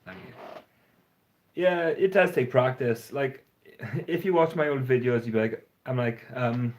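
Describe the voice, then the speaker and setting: A man's voice: mid-range voice, unhurried, darkish tone, lo-fi sound. Rambling man on a livestream. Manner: rambling, frank, swears casually. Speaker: fragrance reviewer. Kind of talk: casual livestream chat. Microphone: phone front camera.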